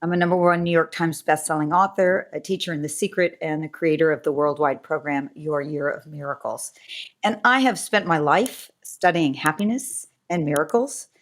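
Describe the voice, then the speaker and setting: A woman's voice: low-pitched, normal speed. A middle-aged woman hosting a podcast interview, effusive and gushing with praise. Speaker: podcast host.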